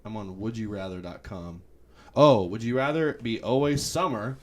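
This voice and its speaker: A young man co-hosting a podcast in casual chat, animated and often breaking into laughter. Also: on the low side, normal speed. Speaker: podcast co-host.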